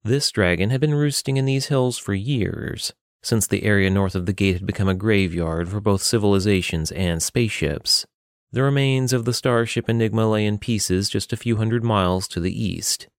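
Steady low-voiced male narrator. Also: dry recording, studio quality. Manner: steady, measured reading. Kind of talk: fantasy audiobook narration.

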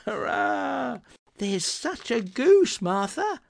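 A man reading aloud, putting on the voices of two excited little children calling out together. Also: vocal fry, heavily acted. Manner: shrill, slow and excited. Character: excited little Victorian boy and girl.

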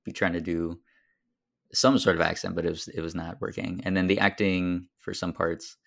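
Low gravelly-voiced man discussing films. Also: flat delivery, moderate pace, a bit bright. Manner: thoughtful, hesitant, many fillers. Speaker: podcast co-host. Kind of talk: casual film discussion.

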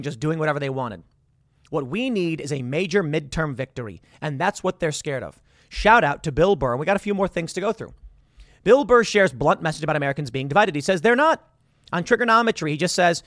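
Man, political commentary monologue, lively swooping pitch, slightly high voice, emphatic, dry close sound. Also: no echo. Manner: emphatic and argumentative, reads and reacts to posts.

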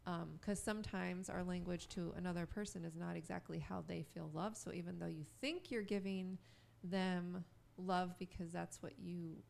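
A woman in her thirties chatting casually on a podcast, with a creaky, gravelly vocal fry that trails off her phrases. She talks in quick, giggly bursts and laughs easily. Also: lowish voice, fairly even intonation, a little mellow. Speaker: podcast co-host. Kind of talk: casual chat.

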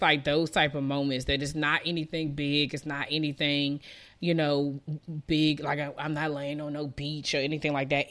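Woman in her thirties, casual vlogger, rambling talk full of likes, voice still recovering after losing it, wind in the background. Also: low voice. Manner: chatty and rambling, many likes and restarts. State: recovering from a lost voice. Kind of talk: casual chat to camera. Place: outdoors in the wind. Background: wind noise.

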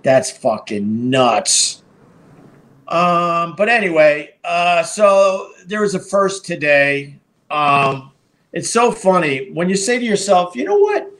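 A middle-aged podcast and live stream host tells a story casually during a live stream, his voice fairly high and a bit bright. His delivery rambles and is profane, packed with fillers and restarts.

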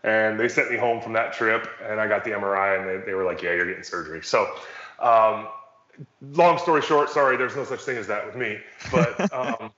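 Middle-aged ex-athlete, low voice, rambling wry storyteller, roomy dull recording. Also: male voice, moderate pace, fairly bright tone. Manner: rambling, self-correcting, wry humor. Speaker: former pro basketball player as guest. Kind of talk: casual storytelling on a podcast. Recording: roomy, slightly dull sound.

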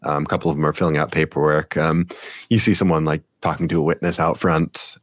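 A man's voice: rumbling low, level tone, fast, no room sound, clean studio sound. A man narrating a tabletop game as game master, in a loose style with lots of fillers.

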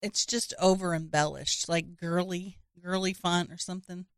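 A woman in a casual chat, relaxed, making dry remarks. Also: lowish voice, moderate pace, smooth, dry recording.

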